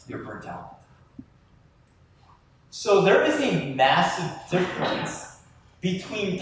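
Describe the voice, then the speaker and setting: Lively man talking in an echoey hall. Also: sits high, far from the mic, a little hiss or hum. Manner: animated, self-deprecating, joking with the crowd. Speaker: youth speaker. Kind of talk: humorous talk to a live audience.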